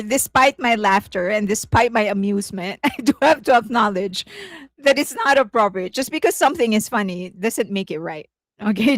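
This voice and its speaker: A woman's voice: on the high side, a bit bright, dry recording. A woman creator giving casual commentary to her viewers, chatty and repetitive, often breaking into laughter. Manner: chatty, repeats herself, many fillers. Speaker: content creator.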